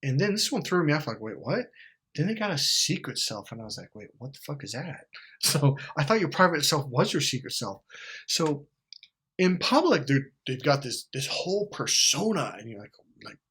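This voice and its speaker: A man's voice: a little high, sing-song, normal speed, a bit bright, breathy edge. A man hosting a casual self-help monologue, blunt and profane, laughing often and acting out what people say. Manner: blunt and profane, acts out quoted lines; laughs often mid-sentence. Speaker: self-help video host.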